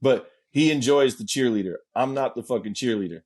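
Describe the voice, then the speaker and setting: A middle-aged man spins casual stories as a guest, easygoing and liberally profane. He breaks into laughter partway through sentences. His voice sits at an ordinary pitch. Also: brisk, darkish tone. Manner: laid-back, profane, laughing asides. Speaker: interview guest. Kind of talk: casual storytelling.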